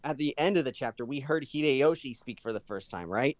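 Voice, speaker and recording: Male podcast guest, curious and relaxed, asking questions. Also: medium pitch, a little fast, no room sound. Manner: curious, asks questions, laughs. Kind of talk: casual chat.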